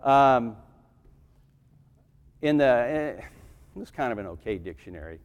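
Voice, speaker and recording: A deacon giving a conversational homily in church, with restarts and asides. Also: male voice, mid-range voice, animated, measured pace, lo-fi sound. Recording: reverberant church hall.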